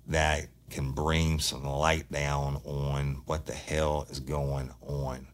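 A man with an extremely deep, low voice and a drawl, hosting a true-crime podcast. He talks in a loose, blunt monologue, swearing freely and sounding fired-up. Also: little pitch movement, slow, few pauses. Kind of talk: casual monologue storytelling.

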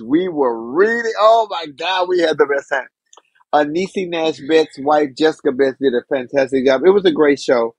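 A man's voice: a little high, vocal fry, breathy edge, no room sound, low-quality recording. A man hosting a casual podcast chat with joking, playful banter. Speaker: comedian podcast host.

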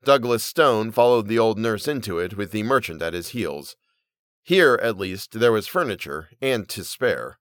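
A man reading a Victorian short story aloud as storyteller, in steady, measured narration. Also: fairly low pitch, no echo, clean studio sound.

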